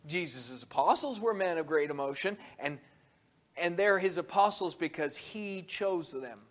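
A man with a high-pitched voice delivers a sermon. He talks in an animated way, rising loud and quick when he acts out quotes and sinking low and quiet on solemn points. He often restarts his sentences and chuckles between points. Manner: animated, swings from soft to loud when quoting. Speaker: preacher.

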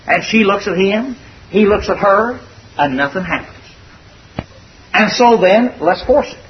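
A man's voice: high-pitched, a little slow, pauses often, a little hiss or hum. A man preaching a sermon in a folksy, conversational and earnest way. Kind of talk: expository sermon. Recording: dull distant recording.

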